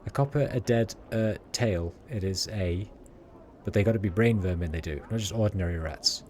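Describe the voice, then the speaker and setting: A man's voice: on the low side, a little slow, darkish tone, a little hiss or hum, natural voice. A man voicing a chatty, superstitious male rat catcher, reading slangy street talk aloud with small stumbles. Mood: gossipy.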